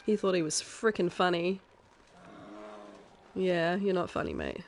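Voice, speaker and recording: A young woman from New Zealand with a softened New Zealand accent, chatting casually and rambling with many fillers as she streams a game. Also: on the low side, a little hiss or hum. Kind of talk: casual live game commentary.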